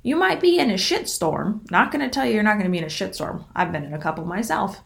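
A woman's voice: medium pitch, lively intonation, quick pace, gravelly. A young adult woman hosting a casual motivational solo podcast. She talks in a chatty, upbeat and encouraging way, with frequent fillers and the odd swear word. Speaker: podcast host.

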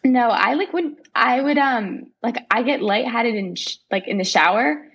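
A woman's voice: fairly high pitch, expressive, moderate pace, a bit bright, husky. A young woman in her twenties talking reflectively in a casual podcast chat, hesitant and full of fillers.

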